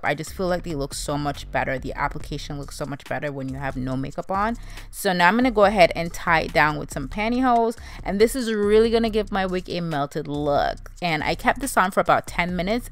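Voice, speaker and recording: Young woman, low-ish voice, casual tutorial narration, chatty, friendly address to viewers. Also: fairly quick, clean tone. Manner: chatty, addresses viewers as "you guys" and "honey". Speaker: beauty vlogger.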